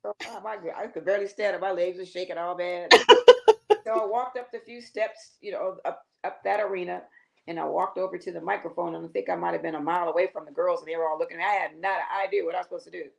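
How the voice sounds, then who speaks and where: An older woman, a guest singer, telling a lively story on a talk show and acting out the quotes with laughter. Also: on the low side, quick pace, gravelly.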